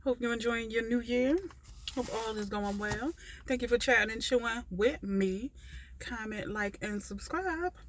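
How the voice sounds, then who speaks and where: A woman's voice: on the high side, slight background noise. A woman from Philadelphia with a southern drawl, chatting casually between bites as she eats in her parked car at a park. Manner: chatty, slow and relaxed, talking between bites. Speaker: mukbang vlogger. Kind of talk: casual chat while eating.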